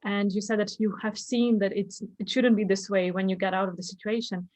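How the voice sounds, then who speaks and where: A woman's voice: medium pitch, little pitch movement, fairly quick, darkish tone. Woman host asking interview questions. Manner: searching, restarts her questions. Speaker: podcast host.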